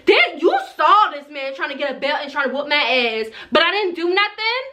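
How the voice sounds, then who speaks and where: A woman's voice: high-pitched, big pitch swings, moderate pace, few pauses, bright, forceful tone. A young woman vlogger telling a personal story time in a casual, emotional way, with lots of "like". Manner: casual, heavy use of "like", emotional and tearful in places.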